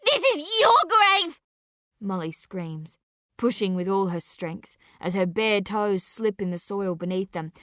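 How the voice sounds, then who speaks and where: Slow, intense woman storyteller. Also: fairly low pitch, steady tone, darkish tone, no room sound, studio quality. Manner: slow, intense, deliberate delivery. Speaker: narrator. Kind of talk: dramatic storybook narration.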